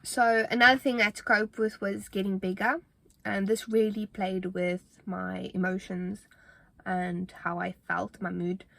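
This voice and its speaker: A woman's voice: medium pitch, flat delivery, unhurried, creaky, bright, forceful tone, no echo. A young woman talking to camera in a casual fitness vlog, earnest and motivational, chatty with fillers, a little out of breath. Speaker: fitness vlogger.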